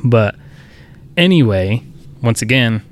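This male podcast co-host has a medium-pitched voice with lively intonation and a slow delivery, over slight background noise. In casual storytelling chat, he recounts a workplace tale loosely, profanely, with plenty of chuckling.

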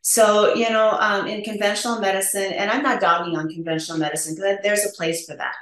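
A woman's voice: medium pitch, steady tone, brisk, fairly bright tone. A middle-aged woman, a nurse practitioner guest, explaining earnestly with frequent ums. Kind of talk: conversational interview. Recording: echoey room.

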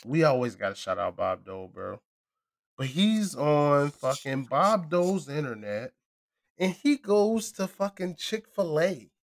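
Loud profane man talking trash. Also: a little high, unhurried. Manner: loud, profane, animated trash talk with laughter. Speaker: podcast host. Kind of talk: casual chat between friends.

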